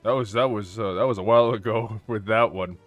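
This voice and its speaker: A man's voice: lowish voice, fairly quick, narrow, tinny audio, faint music behind. A man co-commentating on a card game, chatting and joking with his fellow casters. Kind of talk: casual banter between commentators.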